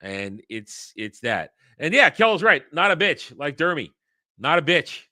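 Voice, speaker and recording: A man's voice: a little high, very animated, measured pace, pushed and bright, no room sound, clean studio sound. A man hosting his own livestream who talks bluntly and rambles, swears freely and often restarts his sentences. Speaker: livestream host. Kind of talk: casual livestream talk.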